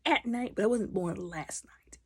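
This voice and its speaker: A man's voice: sits high, normal speed, slightly rough, no room sound. A woman voicing a stern older knightly father who scolds his son in a blunt, folksy way. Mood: stern scolding.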